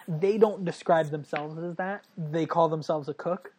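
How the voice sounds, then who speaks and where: Low-voiced woman with dry quips. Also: steady tone, darkish tone, slightly rough. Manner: laughing, dry quips, halting with fillers. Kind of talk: casual chat.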